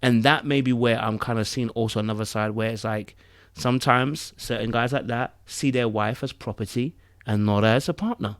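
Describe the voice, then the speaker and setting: A man's voice: mid-range voice, steady tone, moderate pace, dry recording, studio quality. A man co-hosting a casual review podcast, thinking aloud with rhetorical asides and frequent restarts. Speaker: podcast co-host.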